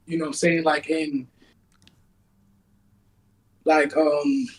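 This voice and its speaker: A man from Nigeria, a guest in a casual interview over a video call, talking in a rambling, halting way. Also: on the high side, level tone, rough recording. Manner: rambling, halting, lots of fillers.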